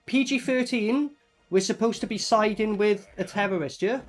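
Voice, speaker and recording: A man with a notably high voice reacts to a movie in loose, swear-filled commentary. He rambles through fillers and asides, excitable and blunt, with faint music underneath. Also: normal speed. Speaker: movie reviewer.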